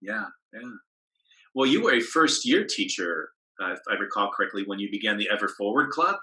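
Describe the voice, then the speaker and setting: A man's voice: lowish voice, sing-song, a little fast, pushed and bright. A male interviewer asking attentive questions and affirming the speaker's answers. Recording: roomy echo.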